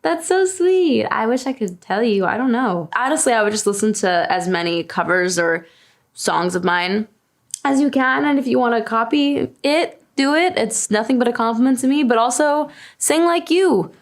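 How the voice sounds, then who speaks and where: A woman's voice: a little high, normal speed. A woman in her twenties from Long Island, New York, chatting casually and answering questions about herself with a self-deprecating, laughing manner. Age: 20s. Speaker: singer answering fan search questions. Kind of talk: casual chat.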